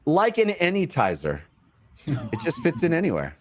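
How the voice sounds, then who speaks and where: A man's voice: on the high side, moderate pace, a little hiss or hum. A man co-hosting a casual sports chat show, bantering and hyping up the next segments. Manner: animated, bantering, hypes up segments. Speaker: co-host.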